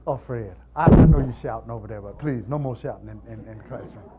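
A man preaching a sermon in an animated, emphatic style, repeating lines and moving between loud and hushed delivery. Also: mid-range voice, a little fast, highs cut off, very noisy. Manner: repetitive, emphatic call-and-response delivery.

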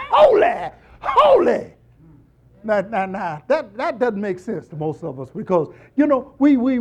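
A man preaching a sermon, shouting at the peaks and speaking directly to the congregation. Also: high voice. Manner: animated call-and-response preaching, shouting at peaks.

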